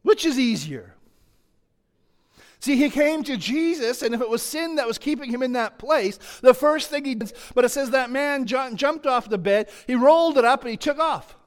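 A man's voice: extremely high pitch, expressive, normal speed. A man preaching a sermon, emphatic and fervent, stacking up long repeated lists of clauses as he drives each point home.

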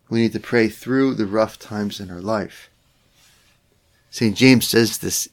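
A man's voice: on the low side, fairly even intonation, a little slow. A man preaching a sermon in an earnest way, often repeating phrases and turning to address the Lord directly. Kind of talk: spoken sermon.

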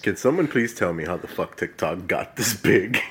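A man's voice: low-pitched, expressive, moderate pace, slight background noise. A man co-hosting a casual movie podcast, wry and joking, swearing freely. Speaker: podcast co-host. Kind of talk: casual chat.

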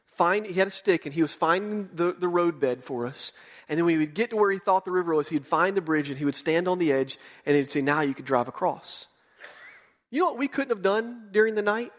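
A pastor in his forties with a drawl delivers a sermon woven around a personal story. His voice sits a little high for a man, and he brings the tale to life by lifting his pitch for the voices of the people in it. He moves between quick, excited stretches and slow, weighty Scripture. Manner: animated storyteller, voices quotes with rising pitch.

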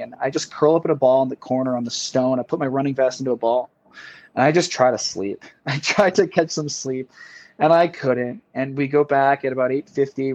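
A man's voice: medium pitch, darkish tone, no echo. A man as a podcast guest, telling a long story in a casual, rambling way with many fillers and repeated words. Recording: slightly dull lo-fi sound.

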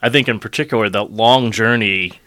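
A man's voice: lowish voice, moderate pace, no echo. A middle-aged man co-hosting a casual chat, telling stories with lots of "you know" and laughter. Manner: animated storyteller, many "you know"s, laughs. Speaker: podcast co-host.

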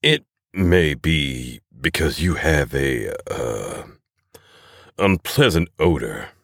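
A man voicing a hospitable barkeep, careful and measured, explaining like a doctor. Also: rumbling low, animated, fairly bright tone, no echo, studio quality, full character voice. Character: hospitable middle-aged male barkeep, careful and wise.

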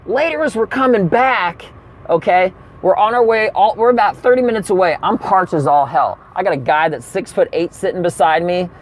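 A young adult man telling a comedic story, animated and profane, with sudden exaggerated outbursts. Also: a little high, a little hiss or hum.

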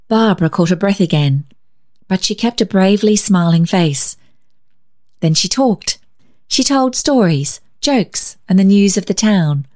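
A woman narrating a classic short story in a calm, measured storytelling manner. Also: medium pitch.

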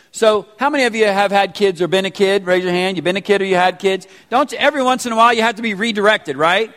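A pastor in his forties who preaches a sermon in a casual, animated way with slangy asides. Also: high voice, fast talker, hardly any pauses. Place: church sanctuary. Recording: reverberant church hall.

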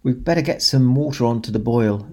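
A man's voice: medium pitch, fairly quick, dark tone, lightly acted. A man voicing a careful, methodical pig in a children's story, talking in an urgent, raised voice. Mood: worried. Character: methodical male pig, careful and sensible builder.

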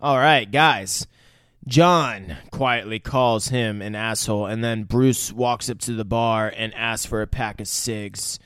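A man's voice: fairly low pitch, slow, fairly bright tone, smooth, dry recording. A man co-hosting a podcast, rambling loosely and swearing while recapping a film. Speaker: podcast co-host. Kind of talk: casual movie recap chat.

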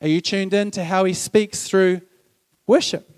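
A man with a high, light voice preaching a sermon in a conversational, storytelling way. He acts out snippets of dialogue and throws questions to the congregation. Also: fairly even intonation, unhurried, a little mellow, clean tone.

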